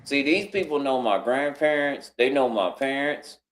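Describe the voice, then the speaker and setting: A man's voice: mid-range voice, moderate pace. A man telling a long story in casual talk, acting out what other people said in changed voices. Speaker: guest on a live talk stream. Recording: roomy echo.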